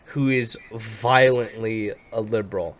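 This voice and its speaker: A man's voice: lowish voice, steady tone, unhurried. A man chatting casually as a podcast guest, with a dry, teasing and offhand delivery. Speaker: guest streamer.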